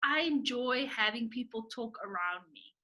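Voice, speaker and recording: Young woman, podcast co-host, very high and piercingly bright, emphatic casual chat. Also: expressive, normal speed. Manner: emphatic, opinionated, frequent "like".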